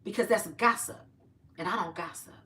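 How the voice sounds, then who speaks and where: A woman's voice: on the low side, moderate pace, pushed and bright, far from the mic. A woman hosting a casual livestream, chatting with viewers, greeting them by name and giving upbeat encouragement. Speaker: livestream host. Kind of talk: casual live-stream chat.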